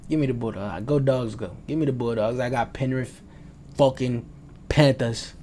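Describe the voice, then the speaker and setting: A man's voice: mid-range voice, normal speed, dark tone, a little hiss or hum. A young man at home, rambling loosely in slang through his sports predictions as a casual vlogger. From United States. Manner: loose, slangy, rambling and self-aware about rambling.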